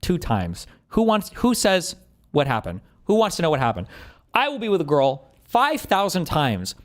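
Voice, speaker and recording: Male streamer, casual reaction talk, profane and exasperated, very lively pitch. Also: normal speed. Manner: swearing, exasperated, animated storytelling.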